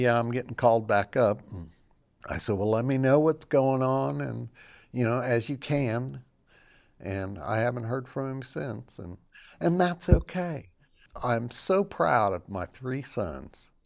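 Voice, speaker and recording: A man's voice: mid-range voice, gravelly. An older man, a guest in an interview, telling his personal story in a plain-spoken, reflective way.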